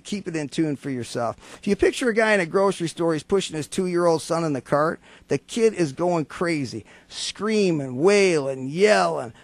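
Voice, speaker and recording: A man's voice: a little high, dry recording. A man hosting a motivational radio talk show, telling everyday stories and acting out the people in them for laughs. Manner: storytelling, acts out quoted voices for humor. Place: radio studio.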